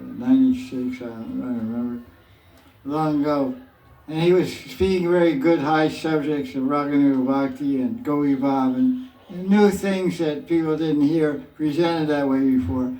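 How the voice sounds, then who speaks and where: A man's voice: a little high, a little mellow. An older man leading a spiritual question-and-answer talk, joking with playful asides and chuckles. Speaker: spiritual teacher. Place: hall with devotees. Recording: echoey room from far off.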